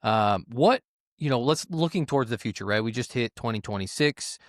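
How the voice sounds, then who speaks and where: A man's voice: medium pitch, expressive, normal speed, dry recording, clean studio sound. A man hosting a podcast interview, affirming his guest with short replies before asking his questions. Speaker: podcast host. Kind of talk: conversational interview.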